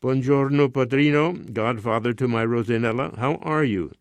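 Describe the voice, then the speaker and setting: A man's voice: mid-range voice, moderate pace, no echo, natural voice. A man reading the part of a worried peasant father who speaks deferentially and lists his grievances. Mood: aggrieved. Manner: deferential, complaining.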